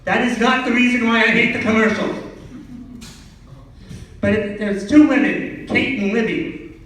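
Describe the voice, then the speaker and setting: A man from Vermont doing stand-up in a small club, sarcastic and ranting, his voice high for a man. The room is very echoey and he sounds distant from the microphone, with a faint hiss underneath. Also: steady tone, measured pace, fairly bright tone. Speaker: stand-up comedian. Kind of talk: stand-up comedy set. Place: small comedy club stage.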